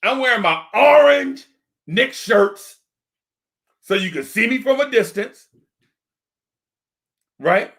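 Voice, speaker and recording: A man rants into a desk microphone, his voice sitting a touch high for a man. He is animated and repetitive and keeps circling back to the same shouted questions. He sounds like a sports fan host on a live stream.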